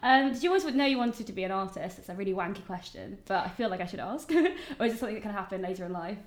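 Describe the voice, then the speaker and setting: A woman's voice: mid-range voice, expressive, fast talker. A woman hosting an interview, asking rambling questions with frequent giggles. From Scotland. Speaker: interview host. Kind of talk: casual interview chat. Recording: echoey room.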